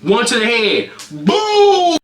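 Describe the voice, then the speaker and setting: A man's voice: high voice, fairly quick, reverberant. A young man streaming, telling a story with lots of energy and acting it out with sound effects. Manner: excitable, acts out the scene with sound effects. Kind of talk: animated storytelling on a livestream.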